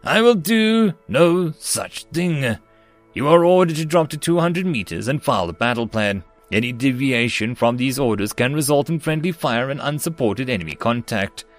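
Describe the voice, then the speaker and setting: A man's voice: mid-range voice, moderate pace, hardly any pauses, soft background music, lightly acted. A man voicing a proud, stubborn alien commander who gives stiff, formal commands. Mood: indignant.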